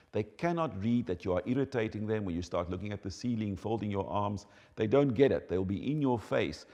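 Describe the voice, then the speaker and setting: A man with a low, mellow voice explains in an animated, emphatic way, his pitch rising and falling widely. A long reverb trails each phrase, as if he is speaking in a large hall. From South Africa. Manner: animated, emphatic teaching delivery. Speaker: educator on child development. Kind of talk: explanatory talk.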